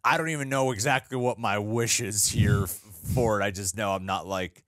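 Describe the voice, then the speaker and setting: A man's voice: lowish voice, normal speed, fairly bright tone, dry recording, studio quality. A man co-hosting a movie reaction show, talking casually and animatedly, often restarting his sentences and laughing. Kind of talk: casual chat.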